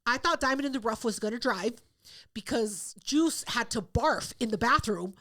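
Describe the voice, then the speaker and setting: A woman with a notably high voice tells a story on a podcast in a loose, casual way. She swears constantly and stays animated. She jumps into the voices of the people she is describing. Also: moderate pace. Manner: profane, animated storyteller who acts out quotes. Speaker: podcast co-host.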